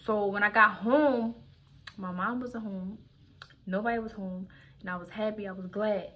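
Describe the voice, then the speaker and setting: A woman's voice: mid-range voice, steady tone, moderate pace, a bit bright. A young woman from Philadelphia telling a casual story to her vlog audience. She talks in loose, slangy, profane speech, full of "like", and often restarts her sentences. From Philadelphia, USA. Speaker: vlogger.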